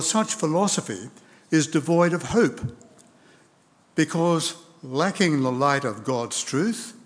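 A man preaching a sermon, speaking in a measured, deliberate way and reading scripture aloud. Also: fairly high pitch. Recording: long reverb of a large hall.

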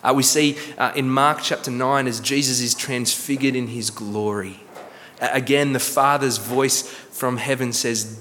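Man preaching in a church, earnest, slows down to drive points home, long echo tail. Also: medium pitch, steady tone, fairly bright tone, a little hiss or hum. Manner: earnest, slows for emphasis, repeats words. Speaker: pastor. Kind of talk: sermon. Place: church hall.

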